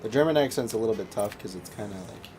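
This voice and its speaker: A man from French Canada, an animated storyteller chatting casually over a let's-play. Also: fairly low pitch, fast, noisy background. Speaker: gaming commentator.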